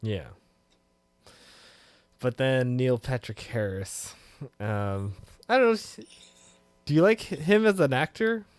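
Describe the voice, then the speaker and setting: Clear and resonant at medium pitch, this podcast co-host takes it slowly and pauses often. He chats casually and with animation, swears freely and lets out loud laughs, with no room sound in the recording.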